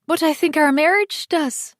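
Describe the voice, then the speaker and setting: A woman's voice: high-pitched, measured pace, no echo, studio quality, pitched above the performer's own voice. A woman voicing a suspicious, hurt wife, anxious and accusing, pushing her husband for the truth. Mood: pleading.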